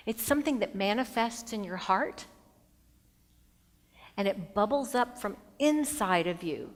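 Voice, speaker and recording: A middle-aged woman delivers a motivational keynote in a large conference hall, her medium-pitched voice trailing a long reverb. She tells stories expressively, leaning into bright emphasis and then dropping to hushed moments. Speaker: keynote speaker. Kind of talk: motivational speech with storytelling.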